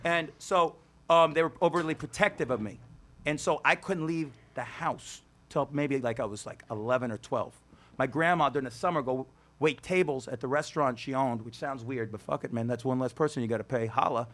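A man's voice: mid-range voice, brisk, fairly bright tone. A man hosting a live comedy talk show, telling loose, profane, rambling stories about growing up. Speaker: host and birthday guest.

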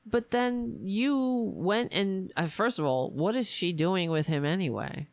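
A woman hosting a political podcast, talking in a sarcastic, mocking way and slipping into shrill impressions of her opponents. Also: lively intonation, measured pace, vocal fry, hardly any pauses, dry recording. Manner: mocking, switches into shrill mimicking voices.

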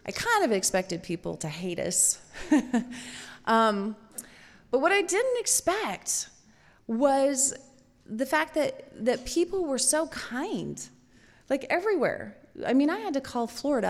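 Woman, live storyteller, animated, playful, echoey hall. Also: medium pitch, creaky.

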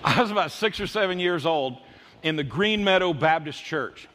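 A man in his fifties preaching a sermon, telling folksy personal stories and jumping into high voices when he quotes people. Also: animated, moderate pace, background noise. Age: 50s. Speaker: pastor. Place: church auditorium. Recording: reverberant church hall with faint ambience.

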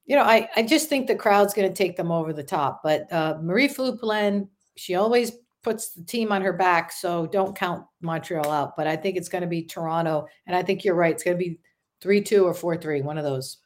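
A woman co-hosting casual sports talk. She is chatty, laughs easily and thinks aloud with many fillers. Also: on the low side.

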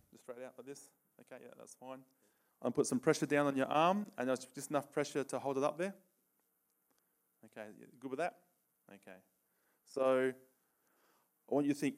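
A middle-aged man preaching a casual sermon, often checking in with "okay?", laughing between points and leading a live demonstration with a volunteer. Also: mid-range voice.

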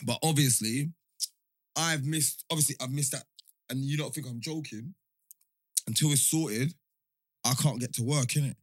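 A young man with a London accent, hosting a podcast and telling stories in animated, slang-heavy casual chat. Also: mid-range voice, moderate pace, pauses often, no echo. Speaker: podcast host.

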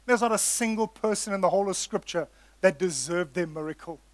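Male preacher, high pitch, earnest and emphatic, repeats key lines for effect, talks to his flock as folks. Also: brisk, no room sound. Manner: earnest, emphatic, builds with repetition; addresses listeners as folks. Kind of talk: sermon.

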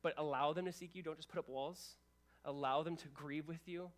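A young man preaches to his church, talking fast and animated, with casual asides to the congregation. His voice sits fairly high for a man, and he keeps a brisk, lively pace throughout the sermon. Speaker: pastor.

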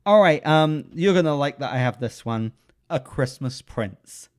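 A man's voice: a little high, a little slow. Man casually hosting a movie podcast. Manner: relaxed, conversational, walks through plots. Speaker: podcast host. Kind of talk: casual chat about movies.

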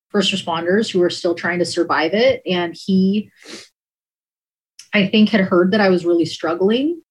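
A woman's voice: lowish voice, slightly rough, low-quality recording. A woman who works as an emergency dispatcher, candidly and emotionally telling her story in an interview, with many "like" fillers.

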